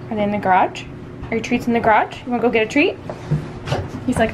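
A woman's voice: on the high side, animated, fairly quick, slight background noise. Chatty, upbeat woman vlogger. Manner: chatty and upbeat, talks fondly to her dogs. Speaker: lifestyle vlogger. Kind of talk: casual home vlog chat. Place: at home and around the backyard. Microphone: handheld camera.

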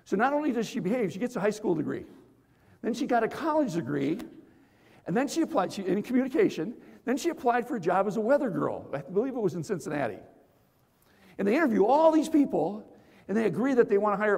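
A middle-aged man giving a live motivational keynote, telling stories and shouting to the crowd in a large conference hall. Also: high voice, fast, gravelly, husky. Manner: energetic storytelling, shouts to the crowd. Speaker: motivational speaker. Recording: long reverb of a big hall.

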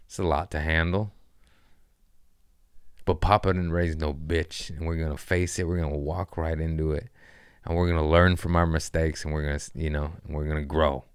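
A man's voice: extremely low pitch, flat delivery, normal speed, clean tone, dry recording, studio quality. A man around forty hosting his own podcast, riffing loosely and jokingly in casual, profane chat. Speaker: comedian podcast host.

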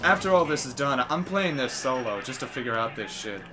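A young man co-hosting a let's play, animated and easily exasperated. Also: mid-range voice, a little fast, crowd noise. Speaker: gaming channel co-host. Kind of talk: casual let's play commentary.

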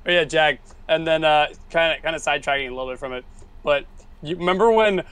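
A man's voice: on the high side, fast talker, fairly bright tone, clear, resonant tone, no room sound. A young man chatting loosely on a casual podcast. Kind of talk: casual chat.

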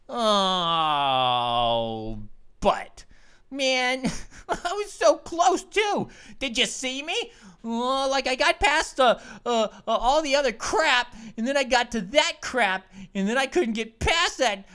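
A woman voicing an excitable cartoon grape who hosts a gaming channel, talking to herself in a jumpy, silly way and repeating phrases. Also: high voice, smooth, full character voice. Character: excitable cartoon grape playing video games. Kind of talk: cartoon let's-play commentary.

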